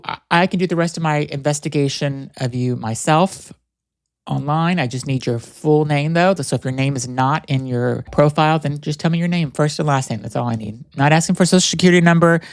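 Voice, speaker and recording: A man's voice: on the high side, no room sound. A man hosting a podcast in a casual, rambling and playful way. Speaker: podcast host.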